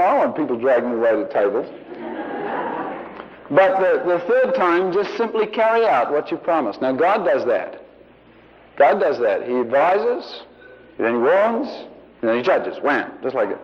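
A male preacher giving a sermon to a congregation in a church building, emphatic and repeating his key phrases, on a muffled 1970s recording. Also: a little high.

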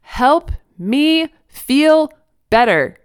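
A woman voicing a whiny, angry two-year-old boy who shouts in broken toddler grammar. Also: sits high, expressive, measured pace, no room sound, studio quality, pitched above the performer's own voice. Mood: pleading.

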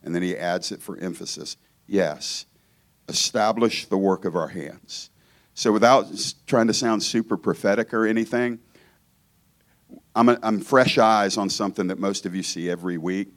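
Speaking at normal speed in a voice on the low side, a man from Georgia delivers an informal sermon as a guest preacher. He's chatty and jokes around, frequently interrupting himself to restart his thoughts.

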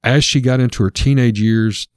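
A man's voice: mid-range voice, fairly even intonation, moderate pace, smooth, no echo, studio quality. A man casually retelling a ghost story as a podcast host, with lots of filler words.

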